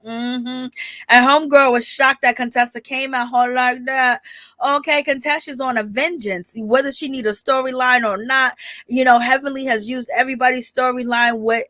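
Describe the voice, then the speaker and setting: A woman hosting a casual gossip recap of a reality show, animated and sassy, acting out quotes and laughing often, chatting to a live audience from home. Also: fairly high pitch, fairly quick, dry recording.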